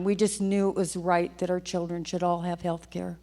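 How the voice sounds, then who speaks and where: A woman's voice: on the low side, little pitch movement, normal speed, hardly any pauses, mellow. An older woman, a state legislator, giving a heartfelt, emotional farewell speech on the chamber floor, often repeating her phrases. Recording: long hall reverb.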